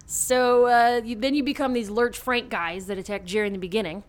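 Chatty woman retelling a comic. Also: a little high. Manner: animated, puts on quick character voices; chatty, lots of fillers and restarts. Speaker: podcast co-host recapping a comic. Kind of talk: casual chat.

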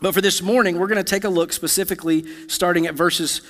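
Thirties male pastor, slightly high voice, chatty storytelling sermon, long church reverb. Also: steady tone, fast talker, a bit bright. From United States. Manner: conversational, storytelling with asides to the congregation. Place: church sanctuary.

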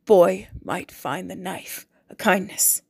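A woman voicing a menacing male guard with a knife, in a low, gruff, threatening mutter. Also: slow pace, no echo, studio quality, full character voice.

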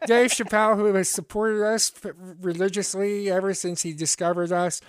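An American man hosting a comedy podcast, talking in halting, self-deprecating stops and restarts. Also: sits high, steady tone, clear, resonant tone, no echo, clean studio sound. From United States. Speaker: podcast host. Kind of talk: casual comedy podcast banter.

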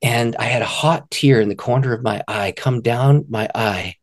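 A middle-aged man, an author and ministry director, telling a personal story in an interview with lively delivery and frequent laughter. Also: medium pitch, normal speed. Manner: lively, laughs often, acts out voices in stories.

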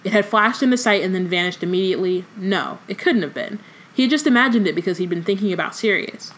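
A woman's voice: mid-range voice, expressive, fast, a bit bright, low-quality recording. Woman co-host reading a novel aloud. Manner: blunt, swears casually. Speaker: podcast co-host.

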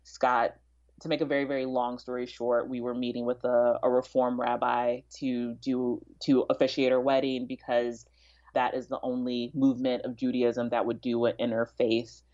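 A woman's voice: rumbling low, little pitch movement, moderate pace, darkish tone, muffled recording. A woman chatting as a podcast guest, talkative, with frequent fillers and restarts. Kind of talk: casual interview chat.

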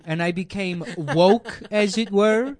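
A young man improvising absurd deadpan claims on a comedy podcast, rambling and stammering through restarts. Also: sits high, slow pace. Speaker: podcast guest.

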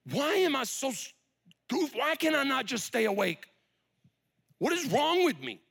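A man's voice: on the high side, wildly swooping pitch, brisk, fairly bright tone, heavily acted. A man preaching, acting out a frustrated, impulsive adult male disciple who scolds himself. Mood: exasperated. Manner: agitated and self-scolding. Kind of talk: sermon storytelling.

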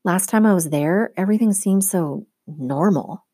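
A woman's voice: lowish voice, moderate pace, mellow, husky, dry recording. A woman reading as an earnest, frustrated teen girl. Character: determined teen girl, demigod camper.

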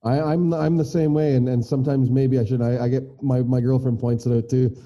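A middle-aged man hosting a casual conversation, earnest and halting, often restarting his sentences. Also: mid-range voice, little pitch movement, dark tone. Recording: dull lo-fi recording.

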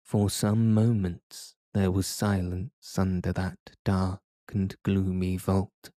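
A deep-voiced man reads scripted audiobook narration in a measured, even storytelling style. The studio-quality recording is dry.

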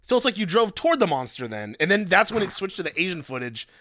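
A young man chatting casually and swearing constantly, jumping up into high squeaky voices to mimic the characters. His voice is bright and animated, swinging widely in pitch. The recording is dry and close. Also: fast, no echo. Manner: profane, reads out his notes, mimics characters in sudden high yelps. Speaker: co-host reviewing a TV episode. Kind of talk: casual chat.

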